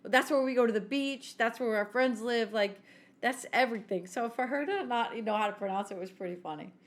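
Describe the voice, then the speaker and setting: Woman, podcast co-host, somewhat high pitch, teasing casual chat. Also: brisk. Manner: teasing, laughs along.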